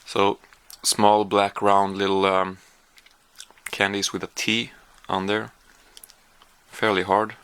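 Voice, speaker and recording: A man's voice: lowish voice, little pitch movement, slow pace, fairly bright tone, smooth. A man chatting casually through a taste-test vlog, hesitant with lots of fillers, sometimes talking while chewing. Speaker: vlogger.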